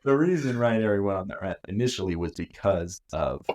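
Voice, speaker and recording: A man's voice: on the low side, expressive, a little fast, darkish tone. A man co-hosting a podcast in casual, joking, rambling chat. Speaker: podcast co-host.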